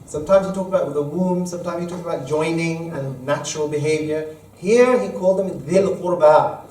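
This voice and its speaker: A man with a slightly high, darkish voice speaks a little fast, giving a Friday sermon as imam in a mosque hall. He quotes Arabic verses and explains them in plain terms, recorded with a distant mic in an echoey hall.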